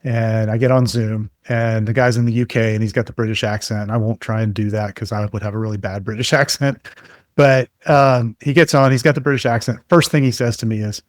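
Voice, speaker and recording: A man being interviewed as a guest expert, telling relaxed anecdotes full of fillers in a conversational way. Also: fairly low pitch, a little fast, no room sound, studio quality.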